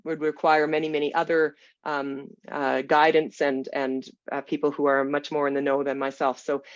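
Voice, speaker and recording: A webinar moderator with a gravelly voice, irritated by smoky air, speaking in a halting, hedging way over a video call. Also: mid-range voice, flat delivery, dry recording. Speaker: panel moderator. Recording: dull, dry video call audio.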